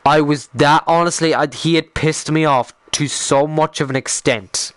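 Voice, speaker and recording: A man's voice: fairly high pitch, fairly even intonation, a bit bright, no echo. Young Irish man rambling on a stream. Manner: rambling, swearing, quick to get worked up. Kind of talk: casual live-stream chat.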